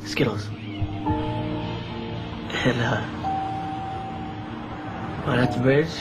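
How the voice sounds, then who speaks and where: A man's voice: mid-range voice, extremely slow, loud music behind the voice, poor audio. A man recounting a personal experience in a conversational, storytelling way. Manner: conversational storytelling, acting out what he said at the time. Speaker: interviewee recounting his experience. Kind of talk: personal testimony.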